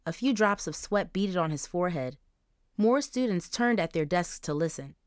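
A woman narrating a young-adult novel as an audiobook, in clear, even storytelling. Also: on the low side, moderate pace, no room sound, clean studio sound. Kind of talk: scripted narration.

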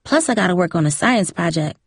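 A woman's voice: fairly low pitch, expressive, breathy edge, dry recording, studio quality. A woman voicing a busy teenage girl who turns down an invitation in a hurry. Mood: apologetic. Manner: hurried, apologetic.

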